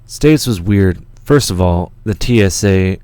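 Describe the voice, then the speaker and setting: A man's voice: low voice, lively intonation, a little slow, dark tone, clear, resonant tone, dry recording. A young man from Canada hosting a live studio Q&A stream, telling rambling stories in a laid-back way with lots of fillers and swearing. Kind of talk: casual livestream chat. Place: home studio.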